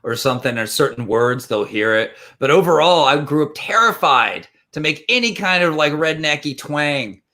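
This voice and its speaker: A man chatting casually, poking fun at himself and laughing as he tells stories. His voice is fairly high and strikingly bright. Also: animated, moderate pace, hardly any pauses. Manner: laughing, self-deprecating storyteller. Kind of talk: casual chat.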